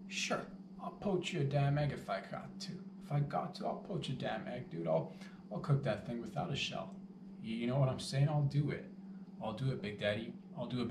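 A man with a mid-range voice hosts his own show, recorded off-mic in an echoey room with a noisy background. His casual comedic monologue rambles playfully, full of self-mockery and free swearing.

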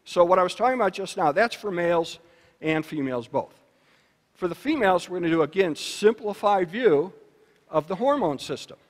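A man speaking at a luncheon, giving an educational talk to parents in an animated, storytelling manner. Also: a little fast. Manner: animated storytelling with shifts in pitch and loudness. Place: banquet hall. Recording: reverberant hall.

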